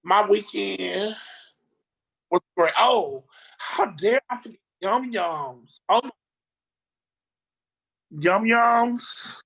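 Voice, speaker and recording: A speaker on a video call, telling a rambling, animated story in casual chat, with slang and swearing. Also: medium pitch, extremely slow, creaky, long pauses.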